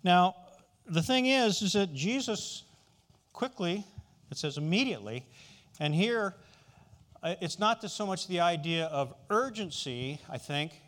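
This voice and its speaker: Male preacher, fairly high voice with a lot of movement; conversational sermon delivery, checks in with listeners. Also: expressive, unhurried, a bit bright. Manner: conversational, asks the listeners questions.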